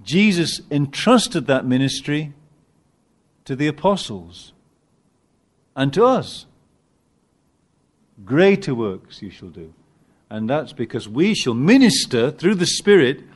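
Male preacher, sermon delivery, animated, emphatic peaks, halting restarts, lively intonation. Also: a little high. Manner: halting restarts while finding words.

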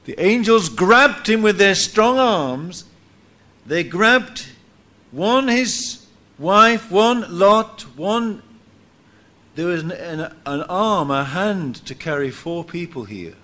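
A man preaching a sermon in church, telling a story lively and acting out what people said. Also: high-pitched, slow. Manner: animated storytelling, acts out quotes with laughs.

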